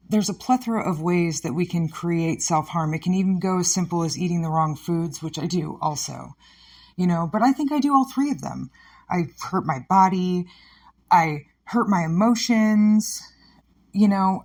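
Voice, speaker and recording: A woman's voice: on the low side, expressive, measured pace, a little mellow. A woman comedian hosting her own show, talking candidly and emotionally about something painful, scattered and sometimes sarcastic. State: upset. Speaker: podcast host and comedian. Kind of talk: candid personal monologue.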